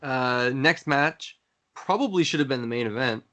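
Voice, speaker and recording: A man co-hosting a casual wrestling chat, lively and acting out quotes. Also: medium pitch, normal speed. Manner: lively recapper who acts out quotes. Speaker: podcast co-host.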